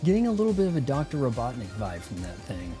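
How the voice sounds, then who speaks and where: A man's voice: mid-range voice, wildly swooping pitch, quick pace, dark tone. A man streaming live gameplay, rambling and cracking jokes as he plays, with game music behind him. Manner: rambling, joking asides while playing.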